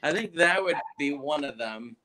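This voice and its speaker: A man's voice: fairly high pitch, expressive, moderate pace, over a noisy crowd. A man joining a casual live-stream chat as a guest, hesitant and searching for words.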